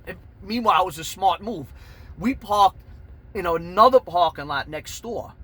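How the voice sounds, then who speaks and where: A man telling a profane fight story, animated and swearing constantly, shouting out the punches. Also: a little high, moderate pace, slightly rough.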